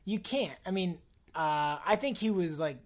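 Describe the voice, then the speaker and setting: A young woman co-hosting a podcast, casually recapping episodes and slipping into quick quotes of the people involved. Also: lowish voice, expressive. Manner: retells scenes with quick put-on quotes. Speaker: podcast co-host.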